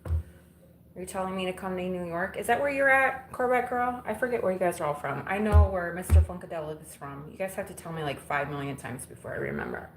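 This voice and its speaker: Brisk and sing-song in a lowish voice, an Illinois woman chats casually and bluntly with live viewers as she does chores, replying to comments and cursing occasionally. She's in her kitchen and living room with the windows open, and the recording is roomy with faint background noise.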